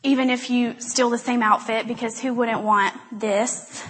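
A young woman with a fairly high, steady, slightly bright voice gives a rambling testimony talk at a church gathering, chatty, self-deprecating and quick to laugh. The hall adds a long reverb, and there's a faint hiss or hum.

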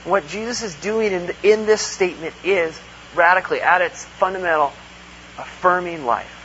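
A man's voice: high-pitched, moderate pace, pushed and bright. A man preaching a conversational sermon, earnest, asking rhetorical questions and acting out quotes. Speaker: pastor. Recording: dull lo-fi recording with faint hum.

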